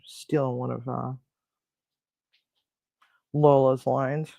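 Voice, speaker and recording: Cooking-stream host, unhurried and chatty, mutters to themself mid-task, dry close sound. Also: medium pitch, no echo. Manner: chatty, mutters and grumbles to self while cooking. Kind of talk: casual live cooking chat. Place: home kitchen.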